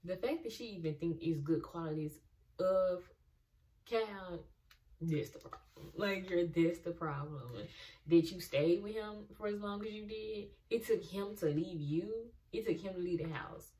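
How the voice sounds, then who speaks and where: Lower-voiced young woman ranting about a tv show, kinda far from the mic. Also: a little slow. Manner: animated, exasperated, talks back to the characters. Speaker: reaction video host. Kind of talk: casual TV reaction commentary.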